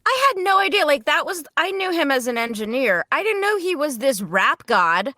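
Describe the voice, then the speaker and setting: A woman's voice: high voice, very animated, normal speed, sharp tone, no echo, clean studio sound. A woman, a voice actor and podcast co-host, chatting in a bubbly way with many fillers. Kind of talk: casual chat.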